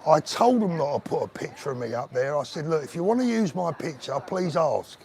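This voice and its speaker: A middle-aged man strolls through resort streets, talking into a phone on a pole for his live viewers. His voice sits a little high and he jokes and answers comments as he goes. Faint street noise hums behind him. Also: very animated, fairly quick, vocal fry, darkish tone. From Britain. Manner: chatty and joking, reading out viewer comments. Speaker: livestream host. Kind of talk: casual live walking chat. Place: outdoors on resort streets, walking. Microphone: phone on a selfie pole.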